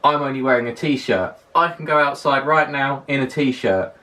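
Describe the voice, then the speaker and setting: A man's voice: medium pitch, normal speed, bright, forceful tone. A young man from London with a well-spoken London accent, chatting to camera in a casual countdown list, emphatic and repeating words for stress. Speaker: vlogger. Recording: voice a little distant from the mic.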